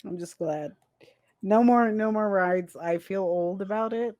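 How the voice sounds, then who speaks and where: A man's voice: high-pitched, unhurried, a little mellow, no echo, clean studio sound. A man co-hosting a casual comedy podcast, telling rambling, self-mocking stories with plenty of swearing. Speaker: podcast co-host.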